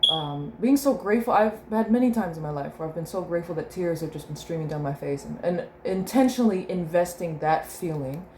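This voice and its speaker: Speaking a little fast with few pauses, a young mother records a reflective video diary in a lowish, darkish voice. She rambles, gropes for words, and keeps breaking into laughter, while the room adds echo and faint noise.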